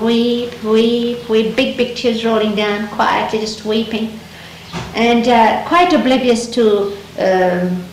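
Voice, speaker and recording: A middle-aged woman, a native Dari speaker, recalls memories in a gentle, reflective way, pausing and restarting often. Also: medium pitch. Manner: gentle, unhurried, reflective, with many pauses and restarts. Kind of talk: reminiscing storytelling talk. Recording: roomy archival 1970s tape with faint hiss.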